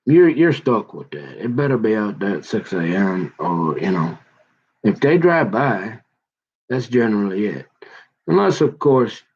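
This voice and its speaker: A man's voice: lowish voice, a little mellow, slightly rough, highs cut off. A middle-aged man in a casual, rambling monologue, talking in a folksy way and often repeating words and restarting.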